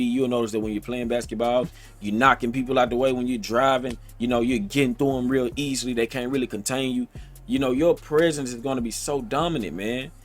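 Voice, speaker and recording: A man at a mid-pitched, ordinary register talks to the camera, pressing each point with repeats and calling his viewers guys and man. His speech is loose and colloquial. A faint bed of music sits behind him. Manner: emphatic, repetitive, addresses viewers as guys and man; colloquial, streetwise phrasing. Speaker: motivational vlogger. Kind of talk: casual direct-to-camera talk. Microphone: streaming setup, computer recording.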